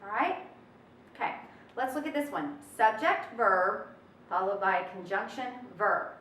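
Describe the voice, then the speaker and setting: A woman's voice: medium pitch, expressive, unhurried, a bit bright, a little hiss or hum. A woman teaching a recorded test prep lesson in an upbeat, chatty way with folksy asides. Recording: roomy echo, mic at a distance.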